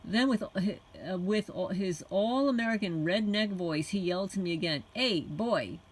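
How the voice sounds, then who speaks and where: A woman channel host reading a written testimony aloud in a soft-spoken way, chuckling often. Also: medium pitch, normal speed, rough recording.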